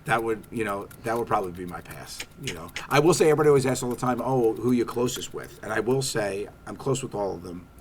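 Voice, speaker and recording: A man's voice: lowish voice, fast talker, hardly any pauses, slight background noise. A comedian, chatting in an interview and acting out quotes as he tells stories. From Staten Island. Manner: animated storytelling, acts out quotes. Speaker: comedian guest. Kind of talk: casual interview chat.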